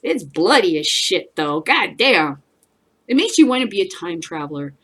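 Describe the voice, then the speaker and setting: A woman's voice: lowish voice, very animated, normal speed, a bit bright, husky. A woman hosting a casual commentary show, ranting bluntly with lots of swearing and frequent laughter. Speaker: host.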